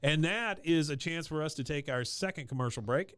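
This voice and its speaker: A man co-hosting a podcast, his voice smooth and resonant. The sound is close and dry, with no room in it. He walks through the episode in a relaxed, scene-by-scene way. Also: fairly high pitch, brisk, no room sound. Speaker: podcast co-host. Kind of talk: casual chat.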